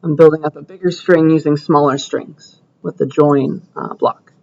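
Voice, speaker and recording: A young man lectures a class, walking through a coding demo in a relaxed, conversational way and often pausing to ask whether the room is following. His voice sits somewhat high for a man. The recording sounds dull and lo-fi, like a classroom capture. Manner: conversational, checks understanding with frequent "right?" and "okay?". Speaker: computer science lecturer.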